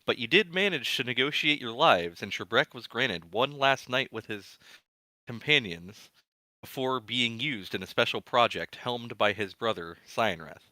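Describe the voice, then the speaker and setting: A man's voice: mid-range voice, lively intonation, normal speed, pushed and bright, no echo, poor audio. A man as game master who recaps a tabletop game session in a casual, rambling way with many fillers.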